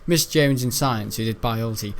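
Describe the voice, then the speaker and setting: A young British man hosts a gaming video, rambling and giggling through a school story as he plays. His mid-range voice moves at a moderate pace in this casual gameplay commentary.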